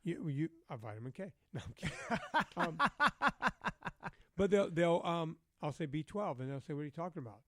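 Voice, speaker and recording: A man guesting on a podcast, talking bluntly and profanely in a lively, storytelling way. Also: a little high, moderate pace, pauses often, dry recording, studio quality. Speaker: guest, fitness trainer. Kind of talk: casual podcast chat.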